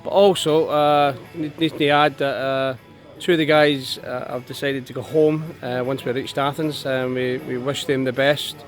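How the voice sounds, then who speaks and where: A man leading a group trip, talking casually to camera at an outdoor campsite, halting with fillers and restarts. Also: medium pitch, fairly even intonation, soft background music. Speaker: expedition leader of a veterans' charity trip. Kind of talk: casual vlog narration to camera.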